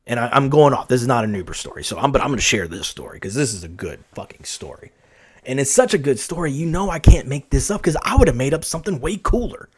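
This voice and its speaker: A male podcast host tells a story to his listeners in an easy, conversational way. His voice sits at a middle pitch but moves up and down a lot. He swears casually and often trips over the start of a sentence before pushing on. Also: breathy edge. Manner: animated, swears casually, frequent restarts.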